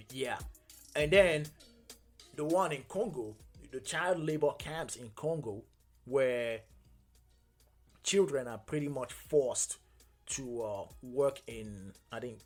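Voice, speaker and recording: Husky man, heated commentary. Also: mid-range voice, fairly bright tone. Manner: emotional, heated, repeats phrases. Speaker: talk show host. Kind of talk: impassioned commentary.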